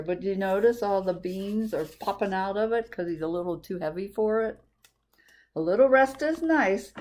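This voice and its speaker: A woman librarian reading a picture book aloud to children, gently asking them questions. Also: medium pitch. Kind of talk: storytime read-aloud to children.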